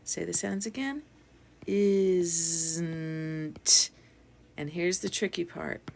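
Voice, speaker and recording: A woman's voice: lowish voice, animated, moderate pace, vocal fry, breathy edge. A woman teacher giving a patient phonics lesson to young children, sounding out letters and syllables one by one.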